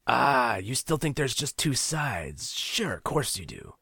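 A man voicing a prematurely aged man with a cracked, weak voice, speaking softly and holding back. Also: mid-range voice, very animated, a little slow, gravelly, breathy edge, dry recording, clean studio sound, pitched above the performer's own voice, full character voice. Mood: cryptic. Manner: soft and withholding, drops into whispers. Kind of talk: audiobook character voice.

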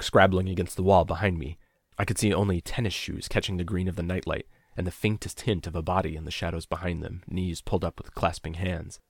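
A man reads a first-person horror story in a very low, gravelly voice. His delivery is measured and falls to a near-hush at the tense moments. The recording is dry and close, with no room sound. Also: no room sound. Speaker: narrator.

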